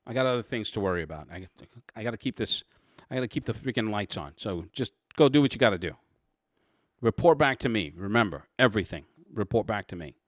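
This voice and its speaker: A man voicing a gruff male police detective with a put-on New York Italian accent, blunt and streetwise. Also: fairly low pitch, expressive, fast, no room sound, clean studio sound, natural voice. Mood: brusque.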